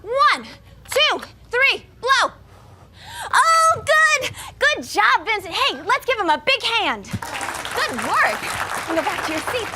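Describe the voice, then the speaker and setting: A woman's voice: extremely high pitch, very animated, slow, crowd noise, background noise, exaggerated voice. A woman playing a bubbly, spoiled young princess who talks to the children in the audience at a live stage show. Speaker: children's theater performer.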